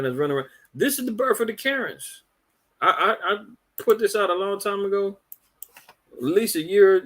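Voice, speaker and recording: A man's voice: high-pitched, fairly bright tone. A man hosting a religious commentary podcast, talking in an indignant, preachy way and rambling with repeated words. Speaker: podcast host.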